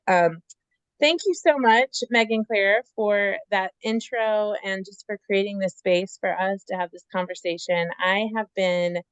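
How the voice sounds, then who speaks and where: A woman in her forties speaks as an oncology nurse giving an informal talk, friendly and full of ums. Her mid-pitched voice comes through slightly dull and dry. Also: clean tone, dry recording. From Atlanta. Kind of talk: informal presentation.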